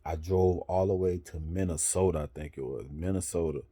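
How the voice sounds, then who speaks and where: A man with a very low voice tells a casual road story as a truck driver. His tone is dark and mellow. He rambles, corrects himself, and keeps punctuating with "boom.". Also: normal speed, husky.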